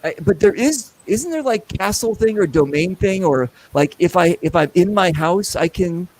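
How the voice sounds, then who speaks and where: A middle-aged man with a slightly high voice hosts a casual show. He tells anecdotes in an animated way, acting out other people's lines as he goes. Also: normal speed, rough recording. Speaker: podcast host. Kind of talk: casual storytelling.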